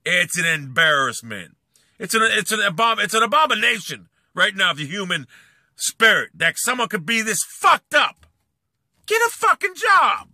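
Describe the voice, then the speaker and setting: A man rants into the camera, cursing constantly and hammering the same points over and over. His high voice has a very bright, sharp edge, and his pitch swings widely between low muttering and loud yells. The sound is close and dry. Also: animated, normal speed, no room sound. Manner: profane, repetitive, swings between brooding and shouting. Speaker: YouTuber. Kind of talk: angry rant vlog.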